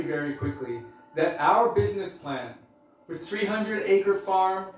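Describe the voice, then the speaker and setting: A man's voice: high-pitched, a little hiss or hum. Brief: male preacher, casual storytelling delivery, distant mic, big hall echo. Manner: casual, conversational, with frequent fillers. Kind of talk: storytelling talk. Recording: echoey hall, mic far off.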